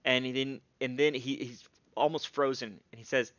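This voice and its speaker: A man's voice: moderate pace, dry recording, dull audio. A man narrating and voicing characters as game master, talking with hesitations. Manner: animated, hesitant, swings in pitch.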